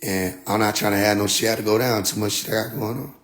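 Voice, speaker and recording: Here's a fast-talking young man sharing a personal anecdote in a relaxed way. His delivery is animated and full of cursing, lurching from loud exclamations down to muttered asides.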